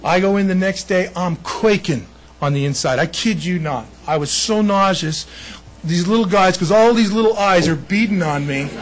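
A middle-aged American man preaching a sermon, telling personal stories in an animated way and often laughing. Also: high voice, moderate pace, rough recording. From United States. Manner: animated storytelling, laughs often, shifts between loud and hushed. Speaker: pastor.

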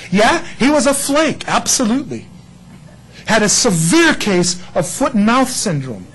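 A man's voice: high-pitched, slight background noise, rough recording. A man preaching a casual, storytelling sermon who acts out quoted characters and laughs often.

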